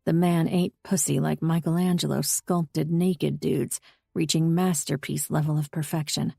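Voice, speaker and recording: Gravelly, dark-toned woman narrating. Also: deep voice, steady tone, measured pace, no room sound, studio quality. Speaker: audiobook narrator. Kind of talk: scripted first-person narration.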